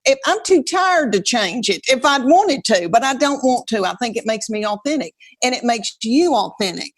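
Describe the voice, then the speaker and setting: A woman in her fifties with a Tennessee Southern accent, a podcast co-host and comedian chatting casually in a folksy, animated way. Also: fairly high pitch, normal speed. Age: 50s. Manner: animated, folksy, calls people honey. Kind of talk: casual chat.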